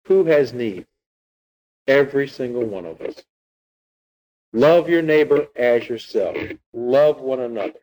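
A man's voice: mid-range voice, animated, measured pace, pauses often, mellow, rough recording. A man preaching as a pastor, retelling a scripture story and teaching with frequent rhetorical questions. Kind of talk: sermon.

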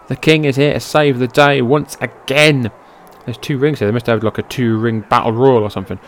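A man giving amateur play-by-play commentary on a wrestling match, shifting from low, offhand calling to loud, high-pitched outbursts laced with swearing, into his own microphone. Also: fairly even intonation, moderate pace, few pauses. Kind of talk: amateur play-by-play commentary over old footage. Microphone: personal microphone.

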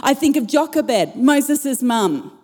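A woman's voice: sits high, lively intonation, takes it slowly, darkish tone. A woman pastor preaching a sermon with passionate, rising emphasis in a church. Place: church auditorium. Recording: long hall reverb.

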